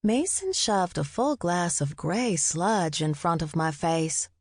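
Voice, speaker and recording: A woman's voice: fairly low pitch, lively intonation, takes it slowly, dry recording, clean studio sound. A woman audiobook narrator reading a first-person story in a wry, conversational way.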